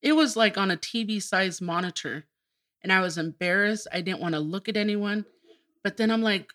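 A woman's voice: mid-range voice, normal speed, a bit bright. A middle-aged woman, a podcast guest, telling her personal story candidly and openly, with bursts of laughter. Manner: open and emotional, breaks into laughter.

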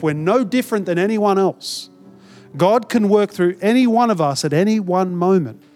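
A male pastor preaching in a fairly high voice, earnest and conversational. He retells a story and acts out both sides of the talk. Faint music plays softly underneath. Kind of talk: sermon with storytelling.

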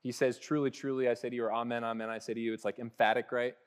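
A man in his thirties, a pastor giving a relaxed, conversational sermon that swings between lively acted-out asides and soft, hushed moments. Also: mid-range voice, racing, clean tone. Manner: casual and animated, acting out little voices, with laughs and soft hushed asides.

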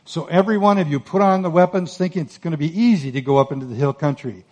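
A man preaching a sermon on Scripture, earnest and emphatic, rising to forceful peaks. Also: fairly high pitch, animated, quick pace, few pauses. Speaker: pastor.

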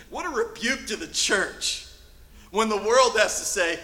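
A man preaches from the pulpit in a church, his voice bright and cutting as it rings through an echoey hall. He swings from loud emphasis down to near-hushed tones, with a faint room hum underneath. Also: high-pitched, sing-song, a little slow, long pauses. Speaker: pastor. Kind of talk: sermon. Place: church sanctuary.

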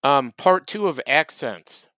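Male comedy podcast co-host, mid-pitched smooth voice, deadpan and cocky, dry close mic. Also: slow pace, no room sound. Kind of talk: casual comedic podcast banter.

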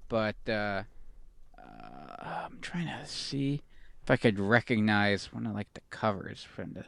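Gravelly, slow-talking man. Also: on the low side, sing-song, fairly bright tone, no room sound. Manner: rambling, thinks aloud while browsing. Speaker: podcast co-host. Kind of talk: casual chat.

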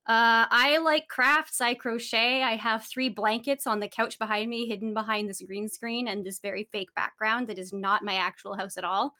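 Bright, rambling young woman. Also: a little high, steady tone, normal speed, few pauses. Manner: rambling, self-mocking. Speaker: player. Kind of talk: casual chat.

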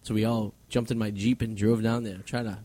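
A man's voice: lowish voice, little pitch movement, a little fast, mellow. A man hosting a radio show, loose and crude, laughing with his guests. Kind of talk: casual crude banter. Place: radio studio.

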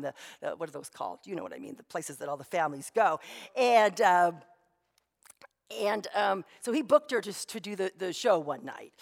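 A woman pastor tells stories in a relaxed, chatty sermon. She speaks at an ordinary pitch for a woman, neither high nor low. Her voice carries a long reverb from the church hall around her. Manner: storytelling, conversational with many asides.

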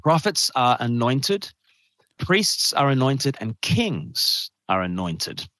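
Man, evangelist, fervent preaching, rhetorical questions, animated pitch, dry close sound. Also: slow, no room sound. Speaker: evangelist and minister, podcast guest. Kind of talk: preaching reading and explanation.

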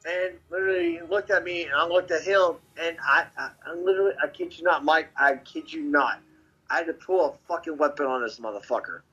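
A man from Memphis, telling a story as a podcast guest in a rambling, animated way and swearing constantly. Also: a little high, fairly quick, slightly rough, highs cut off, faint music behind. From Memphis, Tennessee. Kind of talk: casual storytelling.

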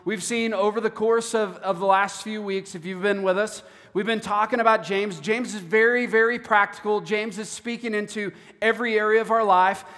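Male pastor, high voice, earnest sermon, long hall echo. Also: fairly even intonation, moderate pace, few pauses, fairly bright tone. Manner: earnest, repeats words while preaching.

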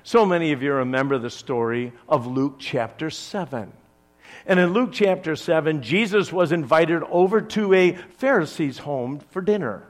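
Man, pastor, sermon; slightly high, very lively pitch, unhurried, swings from loud to hushed. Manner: animated storytelling with big swings between loud and hushed.

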